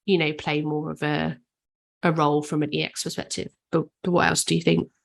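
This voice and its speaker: A woman's voice: low voice, level tone, fairly quick, vocal fry. A woman co-hosting a podcast in casual discussion, hedging and thinking aloud with lots of "sort of.". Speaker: podcast co-host.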